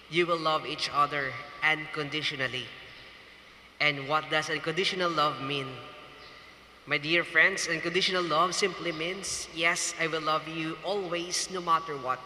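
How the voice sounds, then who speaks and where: A man with a Filipino accent delivers a wedding homily in a slow, emphatic preaching manner. His voice sits a little high and sounds very bright. The recording carries the long reverb of a large hall. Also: slight background noise. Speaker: wedding officiant. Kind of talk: wedding homily mixing English and Hiligaynon. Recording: echoey reverberant hall, distant ambience.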